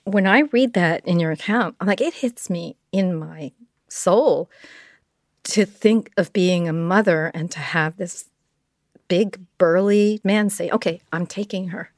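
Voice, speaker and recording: Woman interviewer, earnest, fairly low voice, dry sound. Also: slow, dry recording. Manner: attentive, quiet backchannels, earnest questions.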